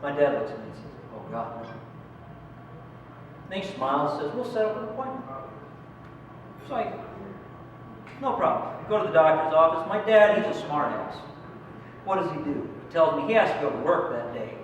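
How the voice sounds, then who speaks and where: In a small comedy club, a young stand-up comedian tells self-deprecating stories and acts out his own squeals and pleas. His voice is fairly high and the audio sounds dull. The echoey hall, distant mic and room noise all come through.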